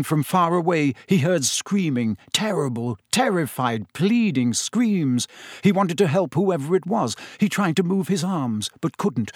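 A man's voice: fairly high pitch, no room sound, studio quality. A man narrating a story aloud with suspenseful, varied pacing. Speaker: audiobook narrator.

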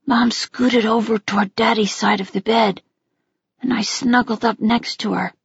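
A woman reading a first-person story aloud in a slow, quiet and intimate way. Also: fairly high pitch, steady tone, gravelly, husky, no room sound, highs cut off. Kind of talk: scripted audiobook narration.

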